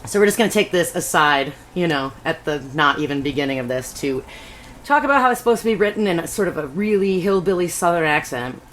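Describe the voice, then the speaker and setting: A woman's voice: deep voice, lively intonation, quick pace, fairly bright tone, a little hiss or hum. A woman co-hosting a podcast, chatting casually about a book and laughing often. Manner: laughing, reads passages in a put-on Scottish auntie voice. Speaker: podcast co-host.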